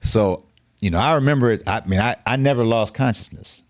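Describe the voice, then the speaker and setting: A man's voice: medium pitch, a little fast, dry recording, studio quality. A middle-aged man telling a story on a podcast, casual and profane with street slang. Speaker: podcast guest.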